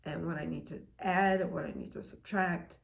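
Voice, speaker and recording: Earnest woman with a low gravelly voice. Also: steady tone, moderate pace. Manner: earnest, repeats lines for emphasis, often softens to near a whisper. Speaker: vlogger sharing a health journey. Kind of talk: casual personal vlog.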